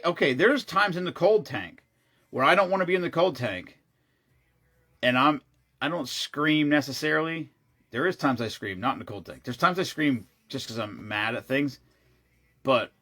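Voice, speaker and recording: A man's voice: a little high, pushed and bright. A man chatting casually and telling a story, rambling and restarting his sentences often, with blunt, profane asides. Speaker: show regular. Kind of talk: casual chat.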